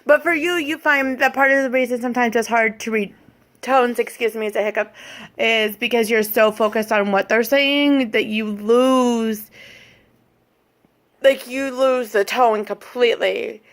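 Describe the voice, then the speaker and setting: A woman with a somewhat high-pitched voice, chatting casually as a co-host and parent. She talks thoughtfully, explains things with care, and often rephrases her questions as she works them out. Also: steady tone, measured pace. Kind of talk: casual chat.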